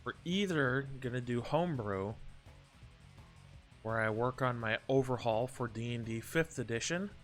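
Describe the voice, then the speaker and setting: A man's voice: mid-range voice, normal speed, fairly bright tone. Male streamer, casual live chat, rambling and self-interrupting, faint guitar music underneath. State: a bit out of breath.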